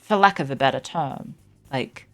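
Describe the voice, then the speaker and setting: A woman's voice: rumbling low, normal speed, soft background music. A young woman chatting candidly on a live stream, hesitant and full of fillers. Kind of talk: casual chat on a live stream.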